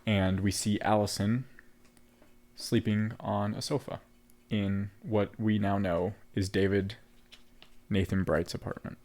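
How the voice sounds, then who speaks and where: A man's voice: lowish voice, flat delivery, unhurried, a little mellow. A man co-hosting a casual theatre podcast, retelling a play scene by scene and quoting its lines with the odd laugh. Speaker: podcast co-host. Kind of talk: casual chat recapping a play.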